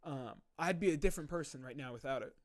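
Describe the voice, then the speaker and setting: A man's voice: fairly high pitch, quick pace. A young man streaming live, chatting casually and reading viewer messages, rambling and reflective with many fillers.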